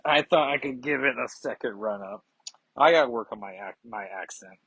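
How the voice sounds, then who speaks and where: A man's voice: mid-range voice, normal speed, pushed and bright, slightly rough, no echo. A man reviewing comics in casual chat, rambling and digressive with many fillers.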